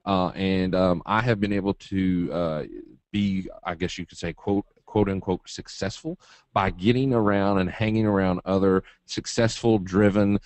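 A man's voice: low-pitched, fairly even intonation, normal speed, darkish tone, dry recording. A man from Eastern Kentucky with a Southern drawl, presenting a live trading webinar in a folksy, joking, straight-talking way.

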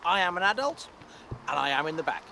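Fast and very animated, this show host has a gravelly voice on the high side as he presents a playful car review. Filming happens outside by the cars and inside one on the road, with a far-off mic picking up heavy traffic and car noise.

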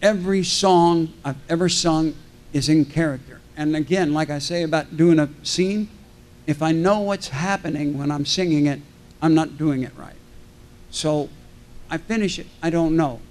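A man's voice: fairly high pitch, moderate pace, a little mellow. An older man, a celebrity guest on a convention panel stage, telling rambling, jokey anecdotes that he often breaks off and restarts. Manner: self-interrupting, jokey, acts out quoted voices.

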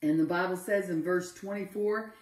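A woman's voice: lowish voice, steady tone, moderate pace. A woman teaching children a Bible story, telling it emphatically and repeating the key phrases. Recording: roomy echo, mic far off.

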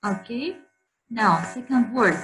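A woman teacher giving a slow spelling lesson to children, repeating words so pupils can say them after her. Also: fairly high pitch, lively intonation, fairly bright tone, soft background music. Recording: echoey room with faint hum.

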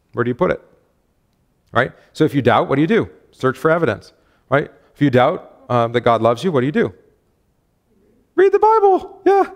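A man's voice: mid-range voice, vocal fry. A man, a pastor, leading a casual Bible study, chatty and self-correcting, reading scripture aloud with emphasis.

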